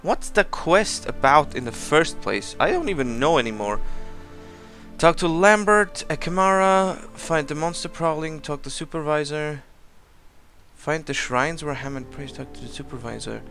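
A man hosting a let's play, giving casual commentary full of excited exclamations and rambling asides. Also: a little high, normal speed. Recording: commentary over loud game music. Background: game music.

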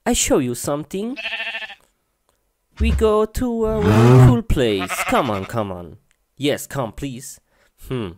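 A woman's voice: on the low side, big pitch swings, slow, long pauses, a crowd in the background. A woman voicing a bumbling animal doctor in a cartoon, coaxing and speaking in broken phrases.

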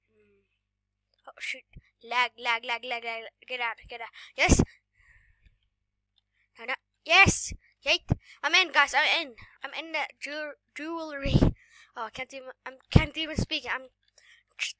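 A woman giving casual gameplay commentary while sick, coughing now and then, excitable and often dropping to a whisper. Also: high voice, unhurried, pauses often, dry recording. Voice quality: voice sounds off today. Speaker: gaming YouTuber.

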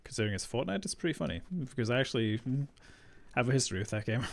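A man's voice: medium pitch, lively intonation, rapid-fire, creaky. A man hosting a game stream, chatting in a rambling, easygoing way with many restarts. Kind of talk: casual gameplay chat.

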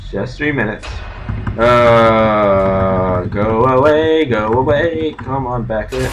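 A man playing a game, commenting nervously to himself and haltingly reading on-screen text aloud. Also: mid-range voice, fairly bright tone, slight background noise, low-quality recording. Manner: jumpy, nervous self-talk. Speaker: game streamer. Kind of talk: let's-play commentary.

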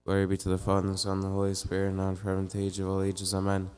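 A man reciting church prayers in a fast, flat, chanting monotone during a live-streamed liturgy. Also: low-pitched, clear, resonant tone. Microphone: live stream mic.

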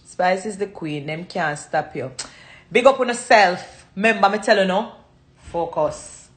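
A Jamaican woman hosts a casual livestream chat, talking freely and chattily while slipping into patois. Her mid-range voice is unhurried, and the room is echoey.

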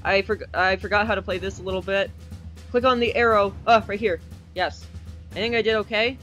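Man, high voice, excitable gamer commentary, quick exclamations, desk mic, soft game music underneath. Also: lo-fi sound. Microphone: desk microphone. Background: faint game music.

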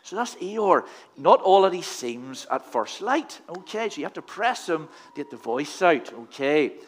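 A man's voice: a little high, sing-song, unhurried. A man giving a playful children's address in a church service, asking the children questions. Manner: playful, quizzing kids with questions. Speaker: leader of a children's talk in church.

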